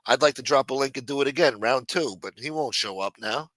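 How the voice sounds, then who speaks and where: A man's voice: medium pitch, fairly quick, a bit bright, dry recording. A man hosting a livestream, chatting casually and profanely to his chat and acting out quotes as he retells stories. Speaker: livestream host.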